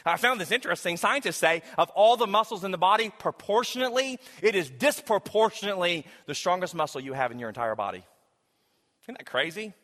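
High, bright-voiced preaching man. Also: animated, brisk, big-room sound. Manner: casual, joking asides to the congregation; rises to emphatic preaching. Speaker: pastor. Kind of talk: sermon.

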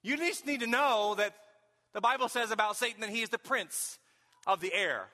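A man preaching a sermon, emphatic and folksy, with storytelling and sudden shouted questions. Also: high-pitched, moderate pace. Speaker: pastor. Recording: long hall reverb.

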